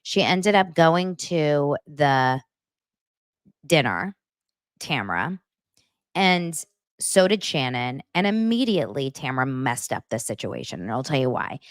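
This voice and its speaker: A woman hosting a podcast recaps a reality show in casual commentary, animatedly acting out the cast's lines in mocking voices. She has a low voice and takes her time, recorded in clean studio sound with no echo.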